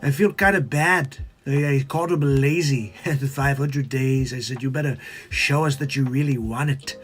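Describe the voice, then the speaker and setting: A man's voice: mid-range voice, moderate pace, fairly bright tone, faint music behind, natural voice. A man doing a comedic impression of a boastful older male politician who repeats catchphrases.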